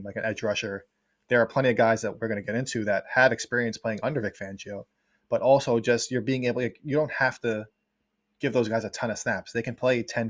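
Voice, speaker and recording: A man co-hosting a casual sports podcast, laying out his analysis in long, rapid run-on points. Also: mid-range voice. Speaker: co-host, football writer.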